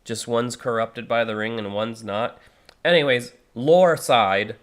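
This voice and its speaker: In unhurried, medium-pitched speech, a thirtysomething man makes casual conversation on a live stream. He rambles, restarts often, leans on fillers, and from time to time breaks into harsh vocal demonstrations.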